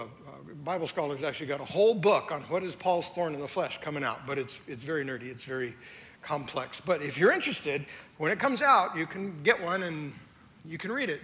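A man, a lead pastor, preaching a sermon in a conversational way that swings from animated to hushed. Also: a little high, fairly quick. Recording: long hall reverb, faint ambience.

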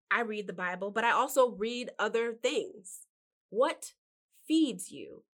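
A woman with a medium-pitched voice hosts a casual motivational podcast. Lively and a bit preachy, she dishes out life advice, fires off rhetorical question after rhetorical question, and calls the listener honey.

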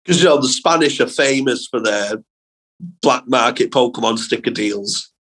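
There's a husky quality to this young man's medium-pitched voice as he recounts school anecdotes with energy. He's a comedian guesting on a podcast, keeping things casual and swearing a lot, and the recording quality is low.

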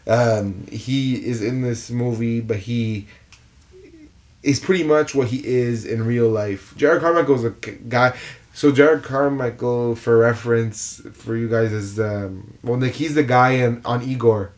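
A man co-hosting a podcast in casual film chat, animated and rambling in long run-on opinions. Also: medium pitch, a little slow. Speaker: podcast co-host.

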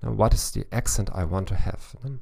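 Gravelly low-voiced man giving advice. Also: brisk, a little mellow. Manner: thoughtful, with frequent restarts and fillers. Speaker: language coach podcast host. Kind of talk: solo advice podcast.

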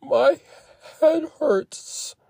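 Man's impression of a whiny, crying young woman, voice pushed way up high. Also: expressive, drawn-out words, creaky, darkish tone, no echo, studio quality, heavily acted. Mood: whining. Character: tearful young woman, girlfriend, whiny and pleading.

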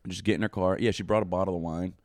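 A young man with a low-pitched voice tells a rambling story at a quick clip, peppering it with fillers and swearing. The sound is close and dry, with no room around it. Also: steady tone, no room sound. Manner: rambling, profane, full of fillers. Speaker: guest telling a story. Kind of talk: casual storytelling chat.

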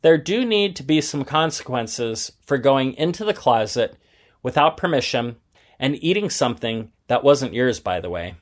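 A man's voice: mid-range voice, big pitch swings, normal speed, lightly acted. A man voicing a patient, fair mother. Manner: patient, explaining.

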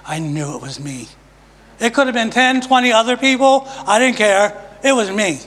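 A man preaching a testimony in a church, emphatic and dropping often to a hushed voice. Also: high-pitched, lively intonation, normal speed, a little hiss or hum. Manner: emphatic, swings from loud to hushed. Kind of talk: sermon testimony. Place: church sanctuary. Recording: long reverb of a church hall.

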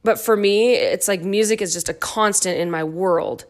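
A woman's voice: mid-range voice, moderate pace. A middle-aged woman hosting her own dance fitness podcast, chatty and goofy with playful asides. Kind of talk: casual solo podcast talk.

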